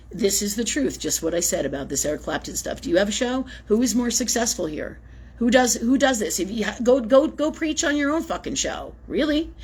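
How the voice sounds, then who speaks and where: A woman's voice: mid-range voice, slightly rough. A woman hosting a live spiritual talk show, rambling and emphatic, swearing freely as she talks to her viewers. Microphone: webcam or phone on a live stream.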